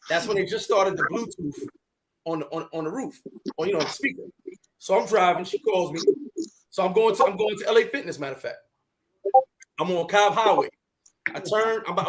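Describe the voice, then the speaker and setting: A man hosting a casual talk show, telling a personal story in an animated way, repeating words and acting out his own shouting. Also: high-pitched, poor audio. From New York. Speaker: podcast host.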